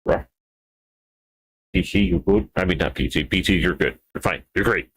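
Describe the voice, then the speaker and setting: A man with a notably deep voice narrates his own work in loose, casual stream talk. He wanders off into playful self-talk and small word jokes between steps. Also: fairly quick, a bit bright, slight background noise. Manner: rambling, playful self-talk with wordplay asides. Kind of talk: casual live-stream talk while 3D modeling.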